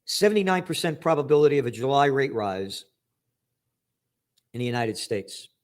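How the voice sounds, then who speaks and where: A middle-aged man ranting through news headlines, profane and angry, shouting to stress his points. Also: medium pitch, very animated, moderate pace. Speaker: trends commentator.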